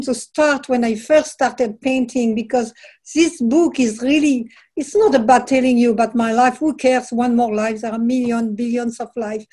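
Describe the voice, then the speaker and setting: An older woman with a heavy French accent speaks in a mellow, soft-edged voice that sits a little high. She talks haltingly, hunting for words, then reads her own book aloud. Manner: halting, searching for words with many fillers. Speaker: author and painter. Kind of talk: casual talk and reading aloud from her book.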